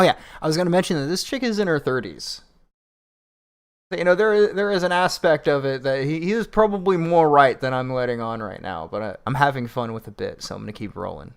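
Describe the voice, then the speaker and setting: A man's voice: mid-range voice, clean tone. A man co-hosting a casual late-night stream, wry and teasing, laughing along with his partner. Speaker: co-host.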